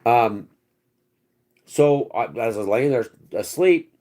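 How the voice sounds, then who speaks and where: A man's voice: mid-range voice, expressive, slow pace, dark tone, a little hiss or hum. A man hosting his own channel, telling a first-person story in a rambling, slangy way with restarts and swearing. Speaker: channel host.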